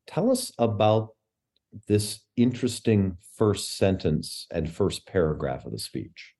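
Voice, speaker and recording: Male host, mellow and lowish, halting questions. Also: expressive. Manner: hesitant, many "um"s. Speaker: podcast host. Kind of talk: interviewer prompting discussion.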